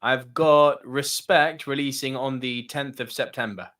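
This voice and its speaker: A man from France co-hosting a casual movie chat, animated and emphatic, swearing often. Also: medium pitch, a little slow. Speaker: co-host of a movie podcast.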